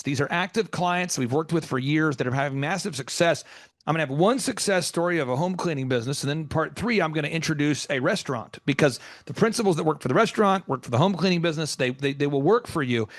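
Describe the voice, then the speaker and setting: A man's voice: a little high, a bit bright, no echo. A man hosting a business coaching show, talking emphatically and rambling through stories with many restarts. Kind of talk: energetic coaching talk.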